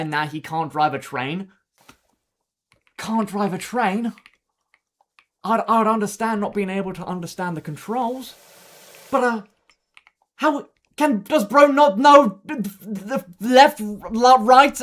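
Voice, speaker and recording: A man's voice: a little high, fairly bright tone. A man streaming a game live, rambling and exasperated as he gives teammates step-by-step directions, sounding tired. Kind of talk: live gameplay commentary.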